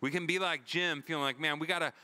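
A man's voice: fairly high pitch, steady tone, fast talker, pushed and bright. A man pastor preaching in a conversational, earnest sermon, retelling a story with many repeats and "like"s. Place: church. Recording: long hall reverb.

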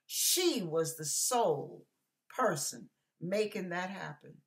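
A woman's voice: fairly low pitch, animated, takes it slowly. A middle-aged woman preaching an emphatic, fiery, folksy sermon.

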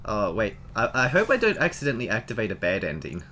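A man giving casual, animated commentary while playing a horror game, exclaiming and chatting to his viewers. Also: lowish voice, fast, a little hiss or hum. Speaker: let's play gamer.

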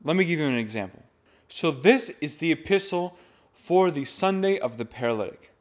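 Male chant teacher, clear explanatory delivery, voice sits a little high. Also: animated, normal speed. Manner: plain, explanatory, with sung demonstrations. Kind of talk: instructional talk to camera.

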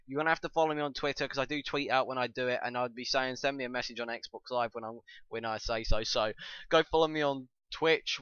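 A young man giving excitable, sweary commentary over his own gameplay, breaking into shouts. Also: medium pitch, clean tone, no echo. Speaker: gaming channel host. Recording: dull lo-fi dry mic.

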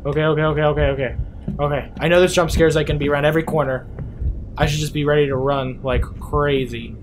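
A gameplay YouTuber narrates a horror game let's play in a slightly high voice, quick-paced with fairly even intonation. He's jumpy, half muttering to himself and swearing under his breath whenever something startles him. The background is noisy, with game sounds clearly audible beneath his voice.

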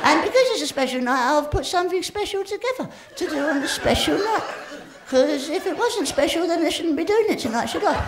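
A woman's voice: very high-pitched, expressive, a little fast. A woman performing a live stand-up comedy routine, cheeky and rambling, talking straight to the audience. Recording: echoey live room with crowd laughter and noise. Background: audience laughter.

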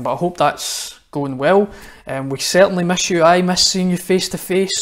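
Chatty Scottish man talking to children. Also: fairly high pitch. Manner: friendly, chatty, addresses children directly. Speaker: church minister. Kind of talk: children's address. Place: church, online service.

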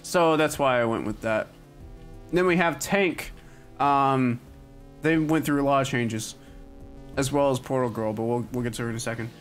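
A man's voice: mid-range voice, moderate pace, long pauses. A young man chatting casually on a livestream, rambling with lots of "like" and "um" fillers. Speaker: streamer. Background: faint music.

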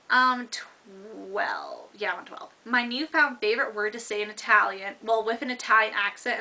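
Chatty young woman, bright voice. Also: fairly high pitch, sing-song, normal speed, hardly any pauses. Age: young adult. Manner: chatty, rambling, with many fillers and restarts. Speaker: vlogger. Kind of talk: casual chat to camera.

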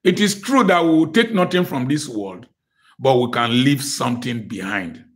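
A man's voice: mid-range voice, expressive, moderate pace. An older man from Nigeria giving an emphatic motivational lecture as guest speaker, with a preacherly style and repeated phrases.

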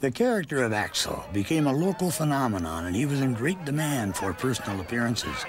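A man's voice: medium pitch, sing-song, fairly quick. Documentary narrator man over music. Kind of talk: scripted narration.

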